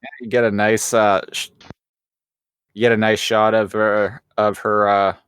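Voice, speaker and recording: A man co-hosting a podcast in casual chat, halting and sheepish, laughing easily. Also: on the low side, little pitch movement, fairly bright tone, smooth, dry recording, studio quality. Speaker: podcast co-host.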